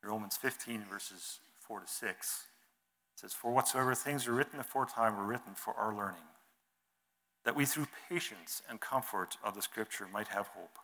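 Earnest man preaching, bright voice. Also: on the low side, normal speed. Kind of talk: sermon with scripture reading and illustration.

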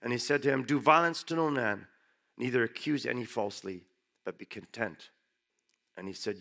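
A man giving a sermon who reads Bible verses aloud and then explains them in plain, everyday words, rising sharply in pitch to stress key points. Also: moderate pace, gravelly, bright, forceful tone. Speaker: preacher. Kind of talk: sermon reading and explaining scripture.

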